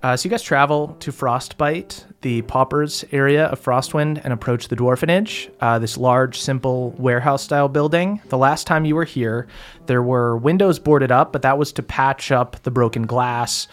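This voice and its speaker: A man acting as game master narrates a tabletop game in a relaxed manner, using many fillers. His voice is medium-pitched and he speaks at a normal speed.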